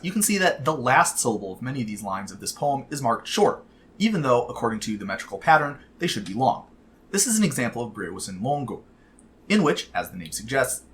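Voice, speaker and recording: A man teaching Latin in a calm, measured and explanatory way, reading verse slowly. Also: medium pitch. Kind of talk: scripted lesson narration.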